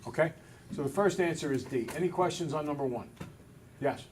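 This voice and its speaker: Relaxed male math teacher, slightly high voice. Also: a little fast, background noise. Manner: relaxed, talks through steps aloud, self-deprecating. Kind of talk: classroom lesson. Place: school classroom with students.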